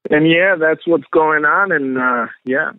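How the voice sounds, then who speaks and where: A man telling stories as an actor guest in a casual interview, animated and profane, laughing often. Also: a little high, measured pace, no room sound, phone-quality sound.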